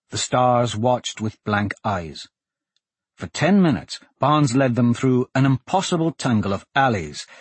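A man narrates an audiobook in a steady, unhurried storytelling voice. His tone is slightly husky, at a middle pitch. The recording is dry and close, with no room sound. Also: dry recording. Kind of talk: scripted narration.

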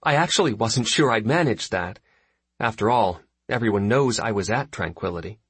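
A man's voice: lowish voice, lively intonation, moderate pace, a bit bright, slightly rough, dry recording. A man voicing a bold woman starship captain who talks sweetly and teasingly.

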